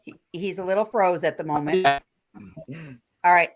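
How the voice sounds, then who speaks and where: Chatty, low-voiced woman host. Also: fairly quick, darkish tone, faint music behind. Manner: chatty and encouraging, asks lots of questions. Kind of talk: casual live-stream chat.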